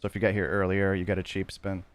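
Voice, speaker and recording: A man with a fairly low voice talks to viewers during a live game stream. His chat is casual and loose, wandering from point to point and stopping to fix his own words. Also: completely flat delivery, fast talker, smooth. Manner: rambling, loose and self-correcting.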